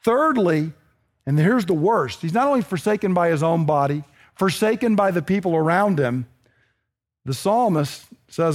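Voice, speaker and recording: High-voiced earnest male preacher. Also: animated, normal speed. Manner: earnest, building to emphatic intensity. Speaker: pastor. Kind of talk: sermon.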